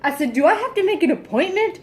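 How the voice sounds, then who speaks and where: A woman's voice: very high voice, big pitch swings, fast. A woman venting in a casual vlog, exasperated and heavily profane, sighing often. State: fed up and irritable. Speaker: vlogger.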